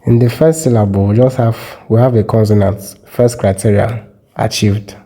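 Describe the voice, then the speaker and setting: A man teaching a French lesson, repeating words slowly and carefully so they can be copied. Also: lowish voice, fairly even intonation, warm tone. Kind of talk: slow explanatory lesson.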